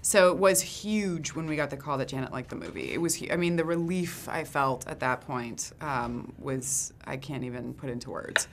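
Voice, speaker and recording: Actress guest, low-pitched, chatty and expressive, light noise behind. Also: female voice, normal speed, hardly any pauses. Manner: animated, laughs easily, acts out quotes. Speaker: actress interviewed. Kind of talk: casual interview chat.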